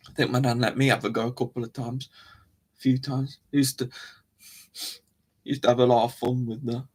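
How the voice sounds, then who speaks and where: A man's voice: mid-range voice, little pitch movement, normal speed, darkish tone. A man hosting a casual livestream, rambling to his chat and often trailing off and restarting his sentences. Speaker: livestream host. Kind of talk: casual live-stream chat.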